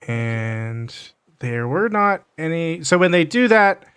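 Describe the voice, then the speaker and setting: A man narrating a tabletop game as game master, halting with fillers and restarts. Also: on the high side, big pitch swings, fairly bright tone, clear, resonant tone.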